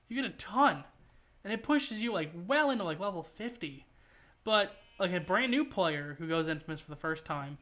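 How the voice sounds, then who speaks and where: Gaming streamer, casual chat, bright voice, rambling, lots of fillers. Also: medium pitch.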